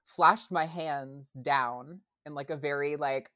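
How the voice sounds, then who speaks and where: Deep and steady, with a bit of brightness, her voice moves at a slow pace. The young woman is chatting casually as a podcast guest in an interview, stumbling through lots of fillers and restarts.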